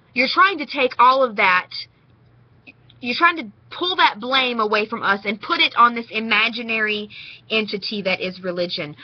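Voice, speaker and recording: A woman's voice: medium pitch, no echo, dull audio. A young woman from Tennessee with a Southern accent, rambling casually as she talks straight to the camera in a response vlog. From Nashville, Tennessee. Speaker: vlogger.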